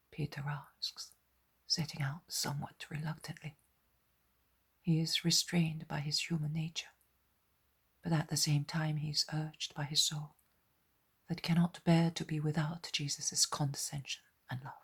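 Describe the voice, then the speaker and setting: A woman narrates a devotional audiobook in a soft, fully unvoiced whisper. She reads at a slow, measured pace. Her low, breathy delivery stays hushed throughout. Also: flat delivery. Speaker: audiobook reader.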